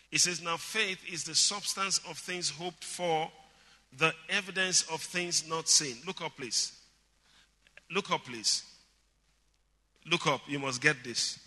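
A man's voice: fairly high pitch, sharp tone. A man preaching a sermon, teaching emphatically, repeating key words and calling on the congregation to say them back. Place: church hall. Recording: long reverb of a large hall.

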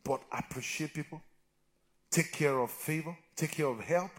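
Impassioned middle-aged male preacher. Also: normal speed. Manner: swings between loud shouted exhortation and low, quiet talk; calls for amens and answers from the congregation. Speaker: pastor. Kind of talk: sermon.

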